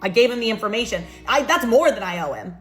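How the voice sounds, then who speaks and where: A woman's voice: fairly high pitch, lively intonation, quick pace, soft background music. A young adult woman narrating a personal drama in storytime fashion, sarcastic and dramatic. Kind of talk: storytime narration for social video.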